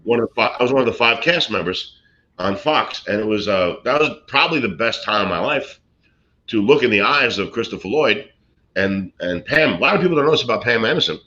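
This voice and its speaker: A man's voice: fairly low pitch, lively intonation, a little fast, pushed and bright. A man, an actor and comedian from Brooklyn, telling rambling showbiz stories in casual chat with many fillers and restarts. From Brooklyn, USA. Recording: dull lo-fi sound.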